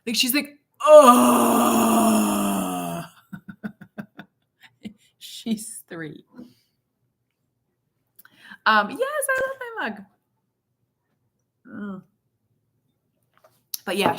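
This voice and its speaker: A woman's voice: medium pitch, big pitch swings, very slow, pauses often, bright, forceful tone, slightly rough. A woman in her thirties talking casually to camera as a mother and vlogger, frank and self-mocking, with lots of fillers. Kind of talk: casual candid chat to camera.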